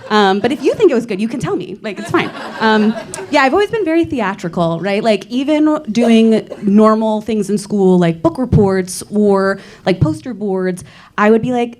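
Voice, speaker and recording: A woman's voice: mid-range voice, animated, moderate pace, darkish tone. A young woman doing a stand-up set, self-mocking and playful, often breaking into laughter. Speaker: stand-up comedian. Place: comedy club stage.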